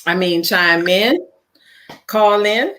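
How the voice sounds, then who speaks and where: A woman from New Orleans co-hosts a relaxed call-in talk show. She talks in a lively, teasing way and draws out her words for fun. Her voice sits at an ordinary middle pitch. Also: slow pace, slight background noise. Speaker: co-host. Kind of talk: casual radio talk show chat.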